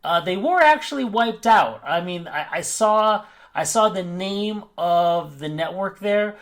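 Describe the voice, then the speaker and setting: A man chats to his viewers in a loose, rambling vlog style, stopping to correct himself as he goes. His voice sits a little higher than most men's. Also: expressive, measured pace, a bit bright. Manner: rambling, off-the-cuff, self-correcting. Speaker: crypto mining YouTuber. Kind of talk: casual vlog talk.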